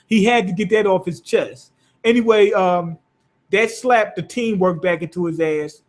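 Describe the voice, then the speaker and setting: Speaking at a moderate pace in a high-pitched voice, a man reviews anime by recapping an episode. He tells it in a rambling, animated way, full of profanity.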